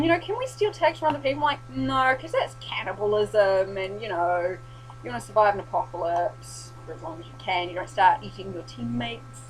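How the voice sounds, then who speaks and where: Sweary, animated New woman vlogger. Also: mid-range voice, a little hiss or hum, poor audio. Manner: animated, sweary, laughing storyteller. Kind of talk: casual storytelling recap.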